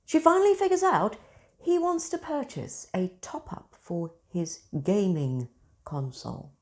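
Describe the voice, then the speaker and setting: A woman, hosting and telling everyday stories in a casual, expressive monologue. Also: mid-range voice, unhurried. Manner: animated, expressive storyteller. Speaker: spiritual centre host.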